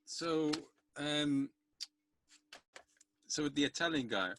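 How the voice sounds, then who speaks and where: A man hosting a podcast, asking questions in a hesitant, halting way full of fillers. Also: a little high, fairly bright tone, a little hiss or hum. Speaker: podcast host. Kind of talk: casual interview chat.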